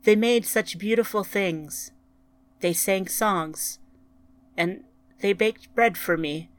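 A woman's voice: mid-range voice, slow pace, close to an everyday voice. A woman voicing a grieving female android, her voice shaking as she pleads. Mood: pleading.

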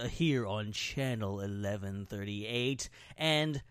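Animated male podcast host, playful. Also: mid-range voice, no echo, studio quality, faint music behind. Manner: animated, playful, quick to laugh. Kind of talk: casual podcast chat.

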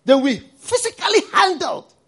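Male preacher, very high voice, emphatic and repetitive delivery, studio sermon. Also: sing-song, moderate pace, fairly bright tone. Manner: emphatic, repeats words, asks the audience rhetorical questions.

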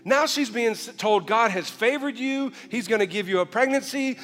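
High-voiced preacher in a reverberant hall. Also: male voice, moderate pace. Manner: swings from quiet storytelling to shouted preaching, calls on the congregation. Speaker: pastor. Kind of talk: sermon.

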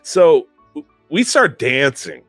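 A man's voice: a little high, takes it slowly, slightly rough, dry recording, faint music behind. Profane young man telling a story. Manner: animated, profane, self-mocking storytelling. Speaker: podcast host. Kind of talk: casual storytelling chat.

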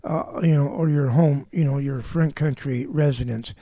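A man's voice: medium pitch, normal speed, dark tone, no echo. A man in his seventies, a podcast guest, telling rambling anecdotes with dry humor. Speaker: guest, former backcountry ranger. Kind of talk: casual storytelling.

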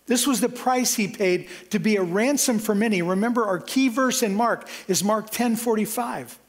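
Man, pastor preaching, high voice, earnest, restarts, climbs for emphasis. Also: normal speed. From Kansas. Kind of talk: sermon.

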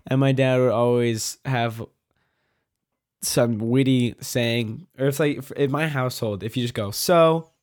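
Young podcast co-host, quick rambling chat. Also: mid-range voice, steady tone, darkish tone. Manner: rambling, quick, self-interrupting. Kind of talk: casual chat.

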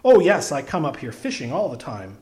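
A man's voice: on the high side, huge pitch swings, fairly quick, a little mellow. A man voicing a chatty fisherman on a train, eagerly explaining in detail how to fish a stream with worms. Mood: enthusiastic.

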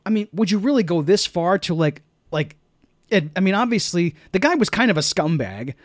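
A man co-hosting a podcast, chatting about a film in a relaxed, wry way with many fillers. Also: high voice, normal speed, no room sound, studio quality. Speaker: podcast co-host. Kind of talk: casual chat reviewing a film.

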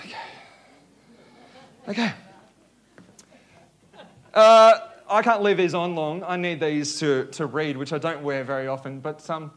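A man's voice: on the high side, steady tone, takes it slowly, long pauses. A male pastor preaching a sermon in a conversational way, joking with the congregation.

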